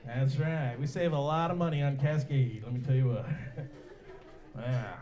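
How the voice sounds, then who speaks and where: A man's voice: mid-range voice, unhurried, dark tone. A middle-aged male stand-up comedian doing a brash, crude set at a bar comedy night on a handheld mic.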